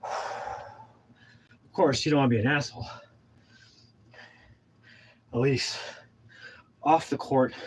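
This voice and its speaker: A vlogger in his thirties, breathless from exercising, gives a pumped-up, preachy motivational talk that rambles and restarts. His mid-range voice comes through poor audio with a little hiss or hum.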